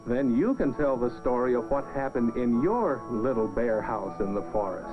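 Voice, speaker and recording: A man narrating a children's storybook film in a gentle sing-song manner, on an old lo-fi soundtrack with music. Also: medium pitch, normal speed.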